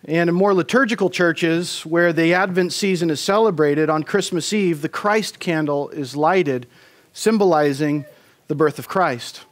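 A man preaching a Christmas Eve sermon in a church, measured and deliberate, slowing down to stress key phrases. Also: a little high. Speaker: pastor. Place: church sanctuary.

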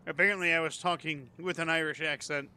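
A man's voice: fairly high pitch, steady tone, fast, sharp tone, clear, resonant tone. A man giving casual, sweary, joking commentary while streaming a game. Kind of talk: casual let's play commentary.

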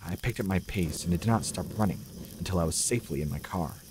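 A man reading submitted scary stories aloud in a slow, measured, dramatic narration, as the channel's regular narrator. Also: low-pitched, noisy background. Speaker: horror story narrator.

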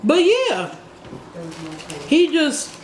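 A woman vlogger telling a slangy, animated story while eating, with shouted sound effects. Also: very high voice, extremely slow. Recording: echoey room with faint background noise.

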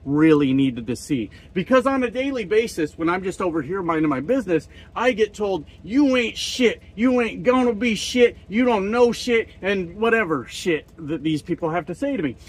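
A man who drives trucks talks straight to his vlog audience in a loose, rambling rant. His voice sits a little high and has a husky edge. He swears freely and keeps joking at his own expense. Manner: profane, joking and self-mocking.

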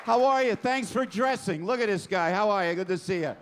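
A man, hosting a live stand-up show and chatting loudly with the audience. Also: sits high, fairly quick. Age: 60s. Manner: brash, loud, chatty with the audience. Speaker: comedy show host. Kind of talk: stand-up crowd work. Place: packed comedy club stage. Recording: live club with crowd noise.

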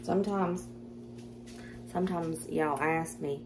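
A woman with a Southern American accent chatting casually through a cooking demonstration in her home kitchen. She is self-deprecating and quick to laugh. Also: fairly low pitch, fairly even intonation, a little mellow, a little hiss or hum. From Southern United States. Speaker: cooking vlogger.

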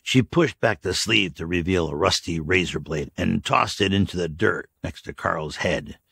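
A man reads a story aloud in a steady, even way. His voice is deep and gravelly, with a husky rasp. It is recorded close and dry. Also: a little slow, no echo. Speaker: narrator. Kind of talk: audiobook narration.

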